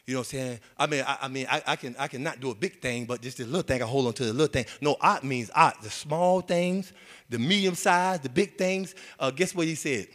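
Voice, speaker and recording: A man's voice: mid-range voice, brisk, a bit bright. A man preaching a sermon in a folksy, repetitive way, with many amens and restarts. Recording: long hall reverb.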